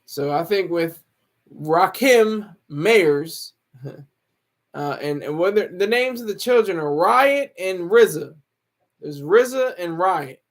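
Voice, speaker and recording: A man's voice: sits high, expressive, unhurried. A man hosting a casual livestream, joking, laughing often and reading viewer comments aloud. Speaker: livestream host.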